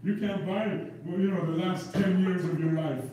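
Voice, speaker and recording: A man's voice: high voice, fairly even intonation, moderate pace, mellow. A middle-aged male pastor preaching an impassioned, repetitive sermon, checking in with the congregation as he goes. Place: church sanctuary. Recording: very echoey church hall, distant mic.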